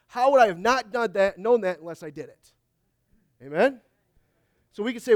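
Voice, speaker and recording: Male pastor, high-pitched, chatty preaching style, reads scripture aloud, dry recording. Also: sing-song, moderate pace, a little mellow, no echo. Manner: conversational preaching, often asking the congregation "Amen?"; reads scripture aloud in old biblical wording. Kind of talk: sermon. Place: church service.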